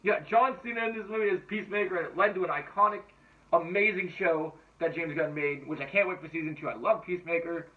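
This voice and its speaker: A man's voice: fairly high pitch, fast. A man giving casual, enthusiastic movie-ranking commentary, rambling and swearing freely. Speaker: movie reviewer. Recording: tinny phone-like sound, distant from mic.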